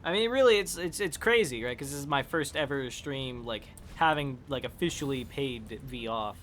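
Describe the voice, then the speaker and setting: Bright-voiced man streaming a game. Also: medium pitch, animated, moderate pace, slight background noise. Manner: rambling, swears at failures, chats with viewers. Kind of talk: casual live-stream chatter while gaming.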